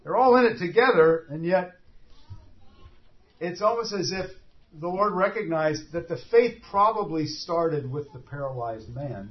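A man's voice: on the high side, sing-song, a little slow. A man preaching a sermon, telling the story vividly and acting out the scenes as he goes. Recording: dull lo-fi recording.

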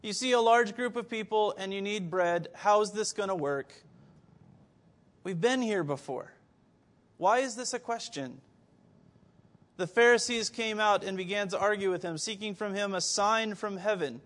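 A man with a high voice preaches a sermon at normal speed, animatedly firing rhetorical questions at the congregation. Now and then he stammers and restarts.

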